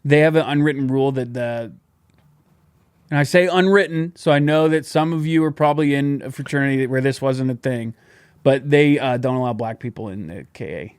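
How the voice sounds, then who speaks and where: A man's voice: mid-range voice, fairly quick, a little mellow, clear, resonant tone, no room sound, studio quality. A man co-hosting a podcast in casual chat, teasing and arguing his point. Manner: teasing, argumentative. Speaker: podcast co-host.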